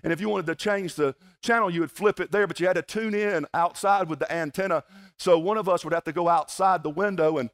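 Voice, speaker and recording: A male pastor from South Georgia with a Southern US accent preaches a folksy, conversational sermon at a church service, mixing prayer and personal stories with playful asides to the congregation. His voice sits high and moves briskly.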